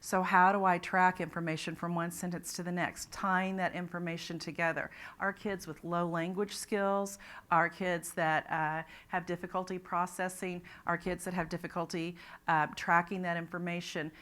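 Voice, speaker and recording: A woman's voice: fairly low pitch, level tone, normal speed, a bit bright. A woman presenting a literacy talk at a conference, explaining ideas step by step with frequent restarts. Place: conference room.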